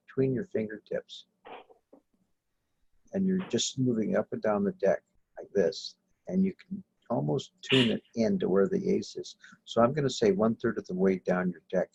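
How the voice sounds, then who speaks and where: Man, gravelly, husky, lowish voice, teasing, dull lo-fi video call sound. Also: darkish tone. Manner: teasing, explains card-reading. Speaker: workshop participant. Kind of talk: casual group chat.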